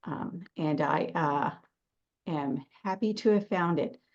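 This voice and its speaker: Hesitant low-voiced woman, lo-fi call. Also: slow pace, a little mellow. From Dallas, United States. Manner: hesitant, with many fillers. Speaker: IT company owner. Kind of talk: short self-introduction on a video call. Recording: dull, lo-fi call audio.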